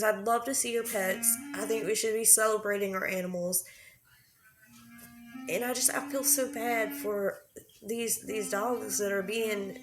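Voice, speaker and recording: A young adult woman hosting her own channel, ranting with anger and bluntness and swearing freely as she talks to her viewers. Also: mid-range voice. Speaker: YouTube commentary host. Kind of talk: casual commentary rant.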